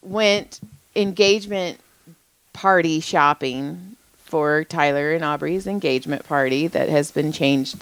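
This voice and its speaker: A woman's voice: low voice, a little slow, clean tone, no echo. Blunt, foul-mouthed woman telling stories. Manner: blunt, swears a lot, animated storytelling. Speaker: podcast co-host. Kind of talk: casual chat.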